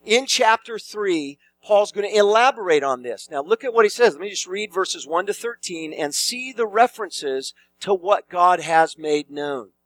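A male pastor delivers an expository sermon in a notably high voice. He is emphatic and circles back to repeat his key phrases. The sound is dry and close, with almost no room. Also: expressive, normal speed, few pauses, a bit bright, no room sound.

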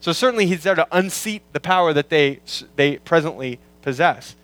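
A pastor working through a scripture passage in a sermon, explaining word meanings and repeating key lines for emphasis. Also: male voice, fairly high pitch, lively intonation, a bit bright, dry recording, poor audio. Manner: quotes scripture in slowed, weighty tones. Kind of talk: expository sermon.

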